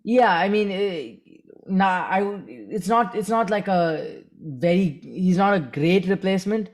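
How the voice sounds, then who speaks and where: Casual male podcast co-host with a higher voice and a halting, stop-start delivery. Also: animated. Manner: halting, many restarts and fillers. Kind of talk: casual cricket chat.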